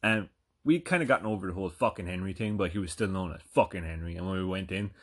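A man's voice: low voice, quick pace, a bit bright. An Irish man in his thirties telling a rambling, profane story and checking in with "right?" often. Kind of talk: casual anecdote.

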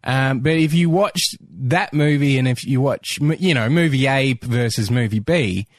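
A man's voice: mid-range voice, moderate pace, no echo, studio quality. An Australian man with an Australian accent, co-hosting a casual film chat and often repeating words as he starts a thought. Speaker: podcast co-host.

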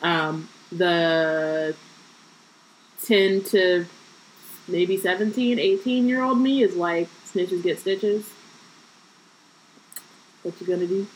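A woman's voice: on the low side, slow, slight background noise, poor audio. Young woman reading a book aloud, chatty. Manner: reads book passages aloud with asides and jokes. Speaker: podcast co-host.

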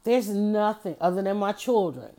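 A middle-aged woman hosts a motivational podcast, delivering a monologue in an emphatic, repetitive style and addressing her listeners as y'all. Her voice is mid-range and mellow, at a normal speed.

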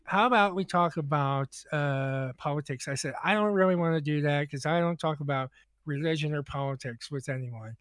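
A man on a comedy podcast telling a long anecdote in a halting, rambling way, full of restarts and acting out both sides of each conversation. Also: fairly high pitch, fairly bright tone, dry recording. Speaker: podcast co-host. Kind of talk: casual comedic storytelling.

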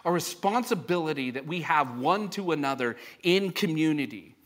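Bright-voiced pastor preaching. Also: male voice, a little high, normal speed. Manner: animated, acts out quoted voices. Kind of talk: sermon. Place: church service before a congregation.

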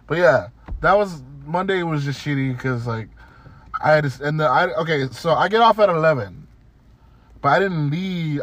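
A man co-hosting a podcast in casual chat, telling a story in a profane, animated way and mocking the people in it. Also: mid-range voice. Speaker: podcast co-host.

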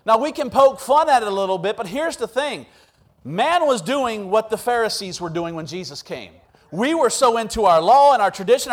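A man preaching a sermon with humor, acting out quotes and stories in an animated way. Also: high voice, fairly quick. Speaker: pastor.

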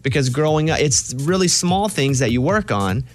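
A man from Arkansas with a slight Southern accent, hosting a radio talk show in a chatty, animated way. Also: on the high side, normal speed, faint music behind. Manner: chatty, animated, self-deprecating.

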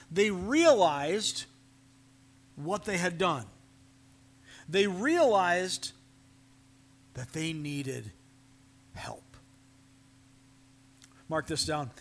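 Male pastor, unhurried earnest sermon delivery, sits a bit high, drops to near-whispers. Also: expressive, a bit bright. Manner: slow, earnest preaching, dropping to near-whispers. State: coughing, fighting a sore throat.

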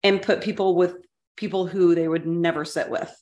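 A middle-aged woman talks through an old work story on a casual podcast. Her voice sits a little low, and she is candid and ready to laugh at her own mistakes. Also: steady tone, moderate pace, a little mellow, echoey room, highs cut off. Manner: candid, self-deprecating, laughs at herself. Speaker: podcast co-host, former school superintendent.

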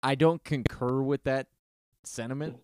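Casual male podcaster, smooth resonant tone, dry close mic, swears freely. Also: steady tone, a little slow, darkish tone, no room sound. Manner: profane, rambling, mimics singers in high mocking voices. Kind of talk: casual chat.

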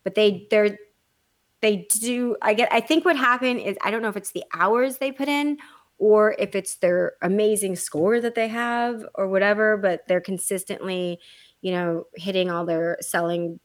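Animated woman telling dramatic stories. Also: medium pitch, moderate pace. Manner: animated, dramatic storyteller with vivid asides and swearing. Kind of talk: casual chat.

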